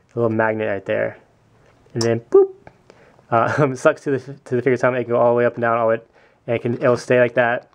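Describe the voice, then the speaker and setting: A man's voice: medium pitch, level tone, fast. A young man walking through his custom toy figure in a casual show-and-tell vlog, chatty, with many ums and small self-corrections.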